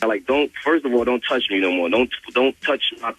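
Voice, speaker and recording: A man's voice: mid-range voice, normal speed, husky, rough recording. Profane young man telling a story. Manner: animated, profane, full of "like" and repeats. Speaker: guest calling in to a radio show. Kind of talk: casual storytelling on a radio call.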